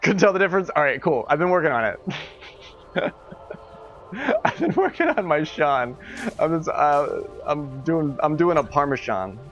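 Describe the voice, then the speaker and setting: A man's voice: on the high side, big pitch swings, a little slow, pauses often, lo-fi sound, faint music behind. A man streaming a game, chatting casually with his viewers in giggly, rambling asides. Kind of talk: casual live-stream chat.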